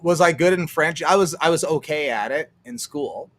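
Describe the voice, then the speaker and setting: A man's voice: fairly high pitch, moderate pace, fairly bright tone. A young man from Canada rambling casually on a livestream, swearing often and restarting his sentences. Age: young adult. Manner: rambling, profane, trails off and restarts. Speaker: streamer.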